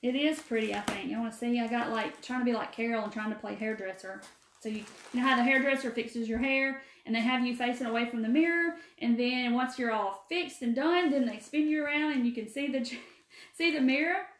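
A woman with a warm Mississippi drawl hosts a live craft stream, rambling in a folksy way and greeting viewers by name. Her voice sits a little high. The sound carries a roomy echo, as if she were in a bare room. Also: a little fast, slight background noise. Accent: Southern US, Mississippi. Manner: folksy, talkative, answers viewer comments by name. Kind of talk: chatty live craft demo. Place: empty room. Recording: echoey room.

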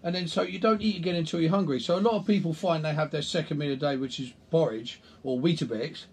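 A man's voice: fairly high pitch, fast talker, darkish tone, breathy edge. A man, a nutrition coach, talking bluntly and casually to camera, with the odd swear word. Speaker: nutrition coach and personal trainer. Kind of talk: casual talking-head vlog.

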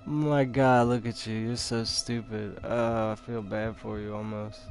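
Slow-talking, taunting let's play host, a man. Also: fairly low pitch, level tone, a little mellow, faint music behind. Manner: taunting, trash-talking, laughing at enemies. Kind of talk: gameplay commentary.

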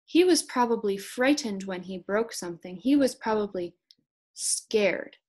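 A young woman in her twenties giving a children's read-aloud lesson, speaking gently and encouragingly to young kids. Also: mid-range voice, expressive, unhurried. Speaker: speech-language pathology student teacher.

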